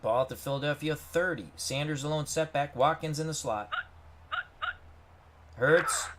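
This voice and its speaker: Guy doing play-by-play for a sim football game, yells on big plays, reads out chat. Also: on the high side, a little slow, noisy background. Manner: erupts into shouting at big plays; reads viewer chat aloud. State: out of breath. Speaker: play-by-play commentator of a simulated game. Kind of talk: game commentary with live chat reading.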